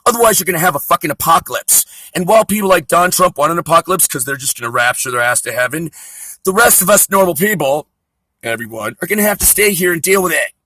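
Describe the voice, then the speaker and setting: A man's voice: on the high side, expressive, fast, pushed and bright, dry recording, poor audio. A man delivering a profane, sarcastic comedy rant.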